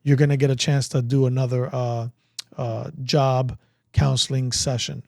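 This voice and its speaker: A man voicing a busy, flustered male recruiting officer in a brisk, businesslike way. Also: medium pitch, flat delivery, gravelly, a little mellow, dry recording, clean studio sound, lightly acted.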